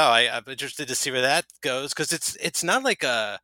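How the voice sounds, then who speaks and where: On a dry recording, a man with a mid-range, sharp-toned voice talks at normal speed as a podcast co-host. The conversation is casual and rambling, loaded with fillers.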